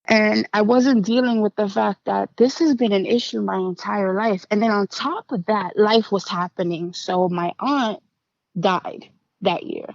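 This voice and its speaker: Candid woman with a gravelly voice. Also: medium pitch, fairly even intonation, measured pace, no room sound. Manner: candid, emotional, repeats words when upset. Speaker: podcast guest. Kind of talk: personal recovery story. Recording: dull, dry lo-fi sound.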